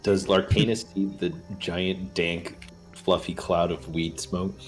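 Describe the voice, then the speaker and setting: A man's voice: low voice, level tone, slow, soft background music. A man playing in a tabletop game, answering in character with dry, cool replies. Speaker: player. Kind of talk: tabletop game role-play.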